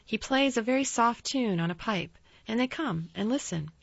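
A woman's voice: a little high, animated, normal speed, gravelly, no room sound, pitched above the performer's own voice. An earnest, plain-spoken little girl, as a woman reads her, in a slightly raised voice. The recording is dry and a little dull.

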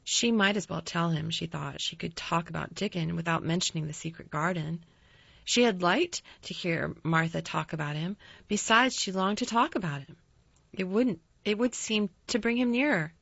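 Woman reading a story, calm and steady, kinda muffled dry recording. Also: lowish voice, moderate pace, gravelly, slightly rough, no room sound. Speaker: audiobook narrator. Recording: slightly dull dry recording.

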